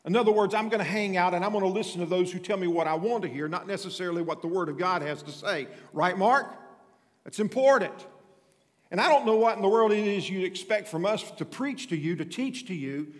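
A man's voice: high voice, expressive, a little fast. A man preaching a sermon as pastor, emphatic and repeating his points, calling on members of the congregation by name. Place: church sanctuary. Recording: church hall with long reverb.

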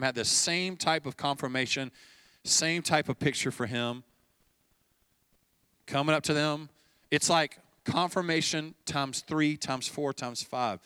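A male pastor delivering a sermon with a bright, forward tone that cuts through clearly. He preaches in a chatty, storytelling manner, slipping into quoted dialogue, and his voice sits dry and close with little room around it. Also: on the high side, no echo. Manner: conversational storytelling, acting out dialogue with light laughs.

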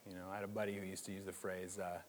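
A man's voice: deep voice, rapid-fire. Man preaching in a reverberant hall. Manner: conversational, animated preaching with jokes and asides. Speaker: pastor. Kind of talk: sermon.

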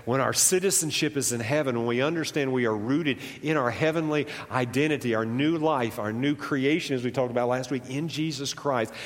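A male pastor from the United States with a light Southern drawl delivers his sermon in a conversational, animated manner, his voice rising and falling. His pitch sits at a middling level for a man. His words trail off into the long reverb of a church hall. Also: fairly quick, hardly any pauses. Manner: conversational, animated preaching that swings up and down.

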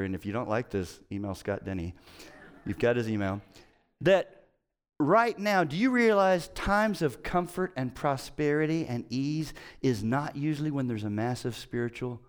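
A middle-aged man preaching a sermon as pastor, conversational and emphatic, swinging between loud and quiet. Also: a little high.

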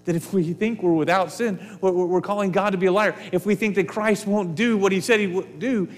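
A man's voice: sits high, steady tone, brisk, long reverb tail. A man preaching a sermon to his congregation, earnest and varied, sometimes falling to a near whisper. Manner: earnest, varies loudness, drops to a whisper at times. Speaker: pastor.

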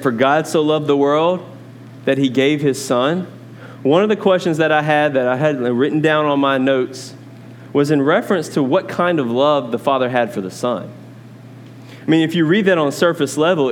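A man's voice: medium pitch, slight background noise. A man preaching a sermon, teaching from scripture in a conversational way with asides to his congregation. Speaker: pastor.

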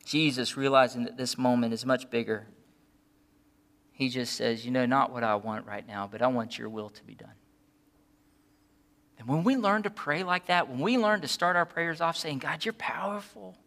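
A man preaching a sermon as a pastor, earnest and pleading, moving between quiet, soft passages and impassioned ones. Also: mid-range voice, normal speed.

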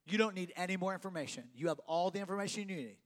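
Man acting as stern God, commanding, insistent, repeats himself, high-pitched. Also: rapid-fire, lightly acted. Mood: firm. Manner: firm, insistent, repeats its point. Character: stern commanding male God, done talking.

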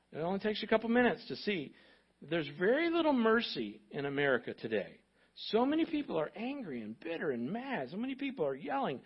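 Brief: male pastor, husky higher voice, emphatic repetitive sermon, slightly dull lo-fi church recording. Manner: emphatic, repetitive preaching with audience prompts.

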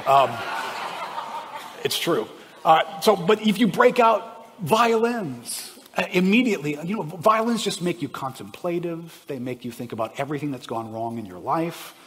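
A man preaching a sermon as pastor, swinging between loud bursts and hushed asides. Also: fairly high pitch, lively intonation, normal speed, long reverb tail.

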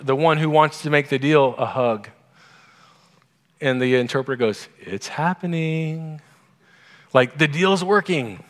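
A male pastor giving a conversational sermon, informal and asking the congregation questions. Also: mid-range voice. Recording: long hall reverb.

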